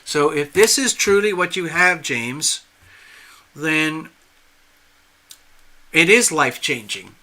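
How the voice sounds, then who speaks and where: A man's voice: a little high, expressive, slow, pauses often, bright, forceful tone. A man giving a tarot reading on a live stream, earnest and reassuring, often checking in with the listener. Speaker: tarot reader.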